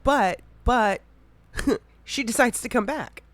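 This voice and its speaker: A woman's voice: on the high side, slow pace, no room sound. A woman hosting a podcast, chatting casually and recounting a roleplay story with frequent laughs and casual swearing. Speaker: podcast host.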